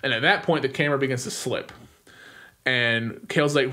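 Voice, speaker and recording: A young adult man co-hosting a podcast, retelling a film's plot in casual chat, full of "like" fillers and quick acted-out lines. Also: medium pitch, pushed and bright. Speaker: podcast co-host. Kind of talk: casual movie recap.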